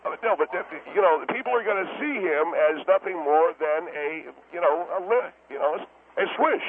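A man playing a blustering restaurant owner who calls in to a comedy radio show, talking fast and defensively. His voice sits high and comes through a thin, tinny phone line with a faint hiss behind it. He stammers and backpedals whenever he is challenged. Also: animated, natural voice. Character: brash blustering male steakhouse owner on the phone.

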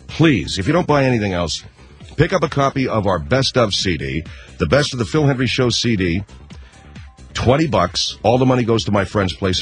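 A man hosting a radio talk show, reading plugs in a brisk, mock-earnest pitchman patter.

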